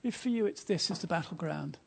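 A man preaching at a church service, telling a story with emphasis and dropping to a hushed tone at quiet moments. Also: fairly high pitch, expressive, a little fast, creaky, a little hiss or hum. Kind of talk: sermon with storytelling.

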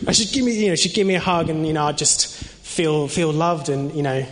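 With background noise and a hall's long reverb, a young man's slightly high voice moves at normal speed. He is preaching casually, stumbling through fillers and restarts as though in conversation.

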